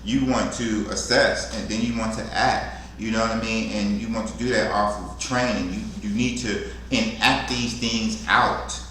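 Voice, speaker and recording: Laid-back lower-voiced man in an echoey room. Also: moderate pace. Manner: relaxed, conversational, colloquial. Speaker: security co-trainer. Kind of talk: casual instructional talk. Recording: very echoey room, faint noise.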